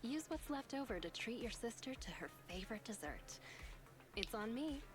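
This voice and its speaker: A woman's voice: on the high side, lively intonation, normal speed, lightly acted. A woman voicing a generous, polite young woman customer in a video game, gracious in her thanks. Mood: grateful. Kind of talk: game voice acting.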